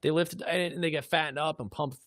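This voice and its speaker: A man's voice: on the high side, steady tone, brisk, a bit bright, dry recording, studio quality. A man speaking as a podcast guest in casual conversation, blunt and driven, with frequent restarts. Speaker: podcast guest, media business owner.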